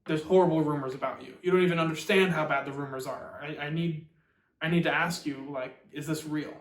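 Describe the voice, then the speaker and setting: A man voicing a worried, pleading male painter friend in a quick, casual retelling. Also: on the high side, fairly even intonation, natural voice. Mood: urgent. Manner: hurried, urgent, casual phrasing. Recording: roomy echo, far from mic.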